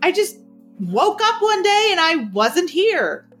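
A woman's voice: very high voice, big pitch swings, takes it slowly, a bit bright, voice pushed up, heavily acted. Woman as a teasing, melodramatic kid sister over faint music. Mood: defensive. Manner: playful, overly dramatic. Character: teasing young woman, prank-loving sister.

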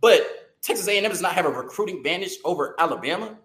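A man hosting a sports commentary show, worked up and firing off rhetorical questions. His voice sits a little higher than most men's. He records in a noticeably echoey room. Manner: heated, rhetorical, keeps asking "right?"; talks fast and stumbles when excited. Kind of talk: opinionated sports commentary rant.

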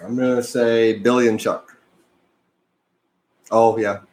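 Man reading results in a steady voice. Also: medium pitch, slow. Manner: steady, matter-of-fact listing. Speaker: podcast co-host.

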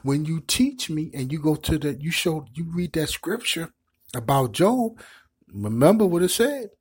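Husky middle-aged man, preachy commentary. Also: a little high, lively intonation, measured pace. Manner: preachy, repeats words while building points. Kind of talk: impassioned live-stream commentary.

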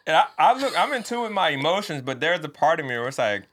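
A man's voice: fairly high pitch, big pitch swings, fast, fairly bright tone. A man, a podcast guest, in loose, profane casual chat about growing up.

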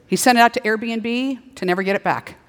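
A middle-aged woman preaching a sermon, playful and animated, slipping into little acted-out dialogues. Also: on the high side, a little fast. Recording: long hall reverb.

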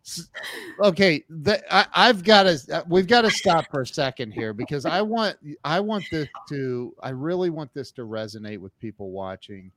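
A man in his fifties hosting a casual interview, halting and restarting as he encourages his guest. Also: fairly high pitch, animated, a bit bright, dry recording. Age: 50s. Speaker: podcast host.

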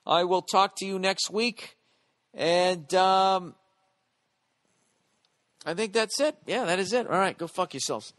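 A man's voice: high-pitched, takes it slowly, pauses often, a bit bright, no echo. A man hosting a podcast, ranting bluntly and swearing constantly. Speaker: podcast host. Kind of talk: profane casual podcast rant.

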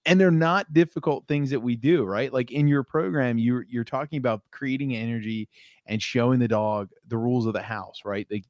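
A man's voice: medium pitch, normal speed, a little mellow, no echo. A man hosting an interview who rambles and fills his speech with "like" and "right?". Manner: rambling, uses "like" and "right?" a lot. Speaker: interview host. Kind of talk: casual interview talk.

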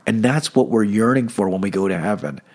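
A middle-aged Catholic speaker gives a conversational teaching talk on the faith, sprinkling in "you know" and "okay." His voice is lowish, a little fast, and a little mellow.

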